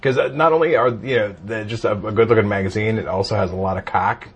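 Low raspy-ish guy cracking bawdy jokes on a podcast. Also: quick pace. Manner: cheeky, bawdy, deadpan asides. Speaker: podcast co-host. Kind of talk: casual banter.

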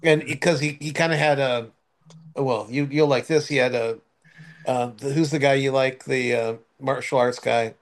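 A man's voice: mid-range voice, fairly even intonation, normal speed. An older man chatting casually as a co-host, telling a long anecdote with many restarts and fillers. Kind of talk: casual chat.

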